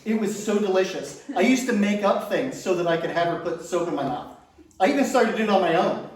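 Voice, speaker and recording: High-voiced comedian in an echoey room. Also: male voice, expressive, brisk, darkish tone, far from the mic. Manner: chatty, self-mocking, laughs at his own jokes. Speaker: stand-up comedian. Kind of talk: stand-up comedy set. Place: large room on stage.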